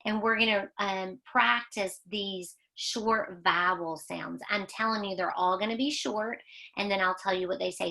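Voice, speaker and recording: Slow, bright-voiced woman teaching kids phonics. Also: mid-range voice, steady tone, creaky. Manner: patient, sing-song, drawn-out teacher talk with emphatic repetition. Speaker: children's librarian teaching phonics. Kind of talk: children's phonics lesson.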